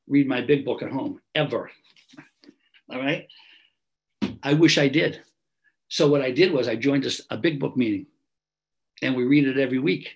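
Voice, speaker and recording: A man's voice: medium pitch, gravelly, poor audio. A man, telling his recovery story in an earnest, conversational way over a video call. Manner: earnest, conversational, repeats phrases, frequent "right?". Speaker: recovery meeting speaker. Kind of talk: personal testimony talk.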